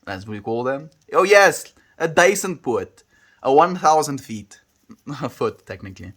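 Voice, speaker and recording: A man with a South African accent hosts a livestream from home, talking casually with his viewers at a moderate pace. His pitch sits in the middle, and he has a relaxed, playful way with the sound of words.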